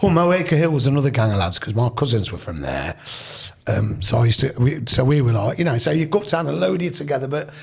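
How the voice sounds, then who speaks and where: A gravelly, husky older man with a Leicester accent, telling stories as a podcast guest. He rambles through anecdotes full of restarts and quoted dialogue in an easygoing, casual chat. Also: medium pitch, big pitch swings, fast talker. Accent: Leicester English. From Leicester, England.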